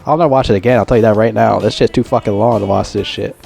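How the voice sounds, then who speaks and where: A man's voice: on the low side, steady tone, fast talker, gravelly, a little mellow, soft background music. Man giving a profane, rambling film review. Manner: profane, rambling, heavy swearing and fillers.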